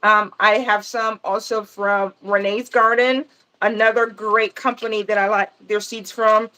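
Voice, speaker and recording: A woman's voice: mid-range voice, flat delivery, unhurried, bright, forceful tone. A woman from Panama hosting a gardening channel, chatting casually on a livestream and answering viewer comments as she goes.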